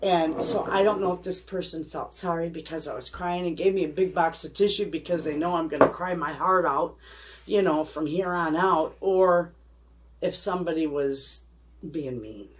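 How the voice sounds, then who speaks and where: A woman's voice: sits low, moderate pace, a little hiss or hum. Rambling, heartfelt middle-aged woman vlogger. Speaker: homesteading channel host. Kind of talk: casual chat to camera.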